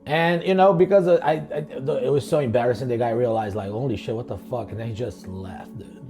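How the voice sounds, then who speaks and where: A man's voice: mid-range voice, brisk, over music. A man casually telling stories from his bartending work, profane and rambling, full of slang. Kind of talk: casual storytelling.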